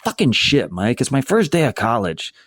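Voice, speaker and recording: A man's voice: mid-range voice, wildly swooping pitch, normal speed, a bit bright, no echo, studio quality, voice pushed up. A man reading a novel aloud, voicing a tough young woman starting college who swears bluntly. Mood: angry.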